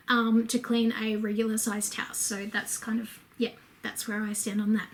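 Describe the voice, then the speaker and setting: A woman's voice: on the high side, little pitch movement, moderate pace, few pauses. A woman in her thirties with an Australian accent, chatting casually and candidly to camera while answering viewer questions. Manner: chatty and candid, many fillers and asides. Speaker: home and lifestyle vlogger.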